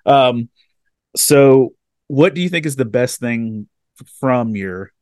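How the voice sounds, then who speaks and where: A man with a mid-range voice hosts a podcast interview in a relaxed, chatty way. He tells his own stories with excitable, animated energy. The sound is dry and close, with no room echo. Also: medium pitch, takes it slowly. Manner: animated storyteller, casual and excitable. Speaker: podcast host. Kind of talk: casual interview chat.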